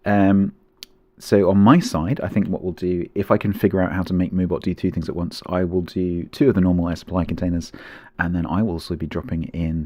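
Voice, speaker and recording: A man co-commentating a live game, chatty and laughing often, rushing through asides. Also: low-pitched, little pitch movement, a little mellow, no room sound. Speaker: esports co-caster. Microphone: desk mic, drops in and out.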